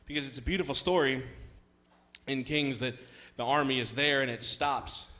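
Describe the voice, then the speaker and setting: Young male youth pastor, mid-pitched, chatty sermon delivery with fillers, building to loud emphatic peaks. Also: fairly even intonation, normal speed. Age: young adult. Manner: conversational, many fillers, rises to loud emphatic passages. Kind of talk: sermon with storytelling.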